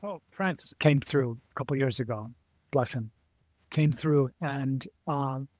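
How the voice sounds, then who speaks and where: A man speaks slowly in a mid-range voice with no echo, telling travel stories as a guest adventurer and author on a casual interview show. He's animated, acts out quoted voices, and restarts his sentences haltingly.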